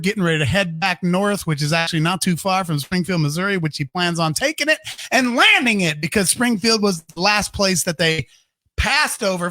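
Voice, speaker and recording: A man's voice: high-pitched, sharp tone. A middle-aged man co-hosting a podcast, launching into a heated, swear-filled rant and repeating himself for effect. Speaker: podcast co-host. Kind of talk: profane comedic rant. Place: home studio during a live stream.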